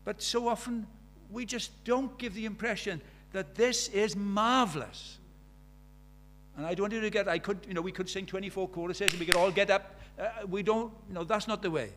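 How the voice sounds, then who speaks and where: A man's voice: high-pitched, normal speed, fairly bright tone. An older man, preaching a sermon in a conversational way, full of rhetorical questions.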